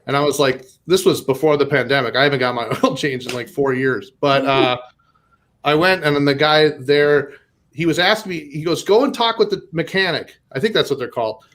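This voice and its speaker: A man's voice: mid-range voice, brisk, a bit bright. A man in his forties from Minnesota doing a stand-up set, rambling and self-deprecating, laughing at his own lines between fillers. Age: 40s. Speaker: stand-up comedian.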